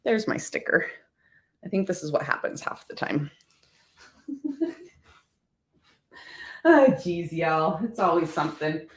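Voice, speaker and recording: A woman's voice: low voice, lively intonation, moderate pace, roomy sound. A woman chatting casually and upbeat to viewers about her thrift finds. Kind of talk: casual haul vlog.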